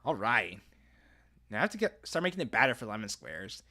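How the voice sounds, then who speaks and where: Sivri dilli, alaycı genç bir kız, bir erkek yayıncı tarafından okunuyor; parlak ve keskin bir tınıyla, inişli çıkışlı, oyunbaz ve hızlı cevaplar veriyor. Görsel roman sahnesi gibi. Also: male voice, medium pitch, very animated, fairly quick, bright, forceful tone. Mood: teasing. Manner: snappy, playful teasing. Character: teasing teenage girl, sharp-tongued.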